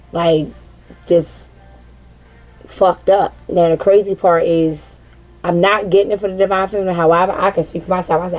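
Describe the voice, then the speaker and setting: A woman with a low, mellow voice giving a casual tarot reading straight to her viewers. She talks bluntly and swears freely. Her talk is full of "like" and "you feel what I'm saying?". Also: rough recording. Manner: blunt and profane, heavy on "like" fillers. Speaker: tarot reader.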